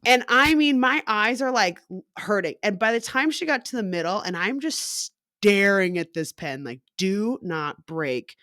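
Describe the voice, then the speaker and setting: A woman's voice: medium pitch, moderate pace, no room sound, studio quality. A woman co-hosting a podcast, telling a story in casual chat, swearing freely and acting out the scene. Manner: profane, animated storyteller. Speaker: podcast co-host.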